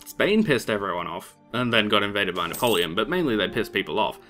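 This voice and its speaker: Lively low-voiced man narrating gameplay. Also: fairly quick, soft background music. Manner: wry, rambling, sarcastic asides. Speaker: let's play host. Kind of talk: casual gameplay commentary.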